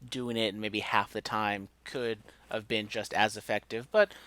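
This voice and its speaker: A man's voice: fairly low pitch, little pitch movement, normal speed, fairly bright tone, clear, resonant tone, no echo. A man casually recapping a wrestling show as a podcast co-host, joking and ranting with mock outrage.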